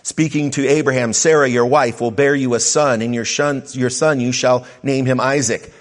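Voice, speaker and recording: A man's voice: mid-range voice, steady tone, normal speed. A man preaching a sermon as a pastor, reading scripture passages aloud and then restating them with emphasis. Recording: reverberant hall.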